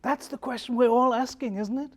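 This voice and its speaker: A man with a noticeably high voice gives a talk as a pastor. He tells stories in a loose, conversational way and keeps asking his listeners questions. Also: fairly even intonation, fairly quick. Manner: conversational, storytelling, asks the audience questions. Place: conference hall.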